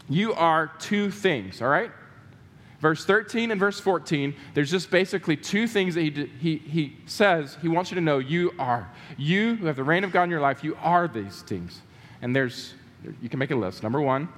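A man's voice: on the high side, a bit bright, long reverb tail. A man preaching a sermon to his church, emphatic, repeating key words and putting questions to the congregation. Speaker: pastor. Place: church sanctuary.

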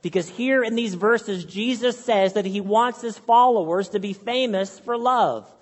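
A man's voice: high voice, a little slow. A man preaching a sermon as pastor, earnest and conversational, repeating his key phrases for emphasis. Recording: long hall reverb.

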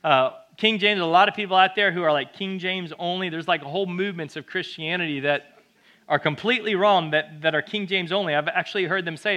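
A man preaching a sermon as pastor, in an energetic, conversational way with jokes. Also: high voice, fairly quick.

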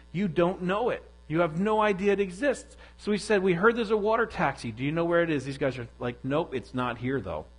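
A man's voice: high-pitched, rough recording. A middle-aged man giving a sermon, telling a personal story in a candid, self-deprecating way. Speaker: pastor.

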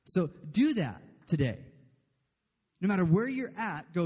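A man's voice: sits high, big pitch swings, a little slow, pauses often, warm tone, breathy edge. A man preaching a casual, chatty sermon, often checking in with the room. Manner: chatty, asks the room "okay?", laughs often. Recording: long hall reverb.

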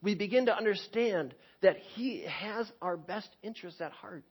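A man preaching a sermon, telling a personal story with lively energy and repeating words as he starts phrases. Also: sits high, moderate pace, husky.

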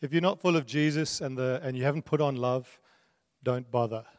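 A man's voice: mid-range voice, brisk, no echo, clean studio sound, in a large hall. A man preaching a sermon in an earnest way, repeating key phrases and laughing now and then. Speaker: pastor.

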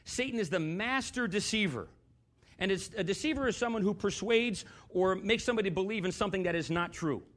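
A man's voice: high voice, brisk, a bit bright. A man preaching a sermon in a church, talking conversationally, putting questions to the congregation and slipping in dry, sarcastic humor.

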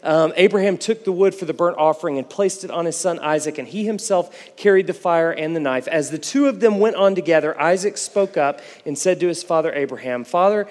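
A man's voice: fairly high pitch, brisk, few pauses, darkish tone, long reverb tail. A male pastor in his thirties preaching a sermon, repeatedly saying "listen" and building in intensity.

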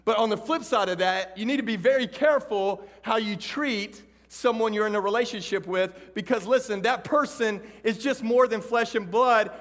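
A man with a Texan accent preaching a sermon to students, animated, moving from loud calls to the audience to hushed storytelling. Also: sits high, moderate pace, few pauses. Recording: hall reverb.

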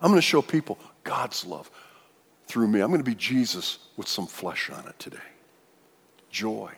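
A man preaching a sermon as pastor in a church, animated and joking with the congregation. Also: lowish voice, normal speed, slightly rough. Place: church sanctuary. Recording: long church-hall reverb.

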